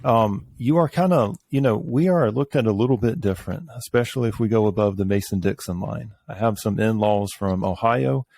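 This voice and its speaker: A man's voice: lowish voice, brisk, vocal fry, few pauses, darkish tone. A man from the American South with a Southern accent, hosting an interview podcast in a chatty way that breaks into laughs. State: allergies flaring. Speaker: podcast host.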